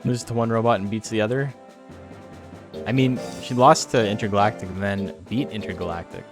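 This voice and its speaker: A man's voice: lowish voice, steady tone, a little fast, over music. A young man hosting a game tournament stream, chatting casually with a profane, rambling manner between play-by-play calls. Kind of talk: casual live-stream commentary.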